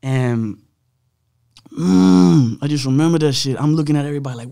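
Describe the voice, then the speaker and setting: Podcast guest, young man, slightly rough voice, animated casual storytelling that acts out the dialogue. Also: fairly high pitch, moderate pace.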